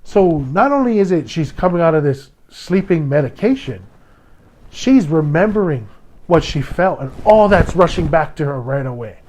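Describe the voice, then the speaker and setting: A man's voice: fairly high pitch, very animated, moderate pace, darkish tone. Hawaiian man telling a heated story. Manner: emotional storytelling, restarts, quotes others in raised voice. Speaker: podcast host. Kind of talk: casual monologue podcast.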